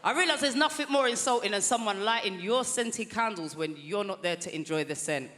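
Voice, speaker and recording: A British man performing a stand-up comedy set, telling an animated story in chatty slang and often jumping into squeaky high voices. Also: fairly quick, a little hiss or hum. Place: large theatre stage. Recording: loud crowd laughter, long theatre reverb.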